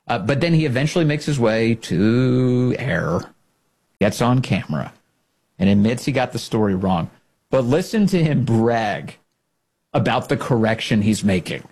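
A man's voice: mid-range voice, animated, measured pace, a little mellow, breathy edge. A man hosting a political commentary show, mocking and incredulous, firing off rhetorical questions. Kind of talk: sarcastic commentary monologue.

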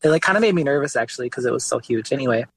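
Male guest artist, casual interview talk, easygoing storyteller, mid-pitched voice. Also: very fast, husky, rough recording. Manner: relaxed storytelling with frequent "like" and "you know" fillers.

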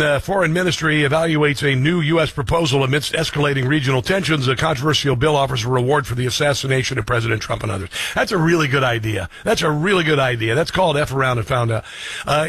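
His voice sits on the high side, fairly bright and slightly rough, with no echo. As host of a political talk show, he combatively reads out headlines and bluntly riffs on them with asides, talk-radio style.

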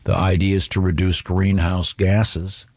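Low husky-voiced radio co-host man. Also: flat delivery, no echo. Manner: halting, many filler sounds. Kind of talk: casual morning radio chat.

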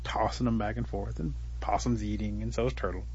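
A man telling a folk tale in a relaxed, conversational way, with frequent fillers. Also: on the low side, brisk, highs cut off, slight background noise. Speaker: storyteller. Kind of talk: oral folk storytelling.

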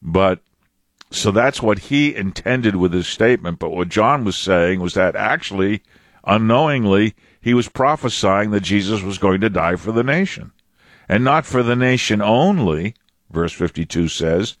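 Low-voiced conversational preacher man. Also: lively intonation, moderate pace, no room sound, clean studio sound. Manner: conversational, chuckling, acts out quotes. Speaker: pastor. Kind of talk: sermon.

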